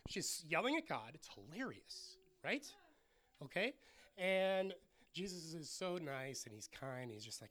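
A man with a high voice preaches to his congregation. He tells the story in an animated way and slips into the voices of the people in it as he goes. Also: a little slow. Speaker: pastor. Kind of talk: sermon.

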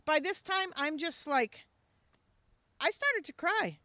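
A woman who leads a missions ministry, telling a personal testimony in an animated way and acting out the dialogue. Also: very high voice, slow, dry recording.

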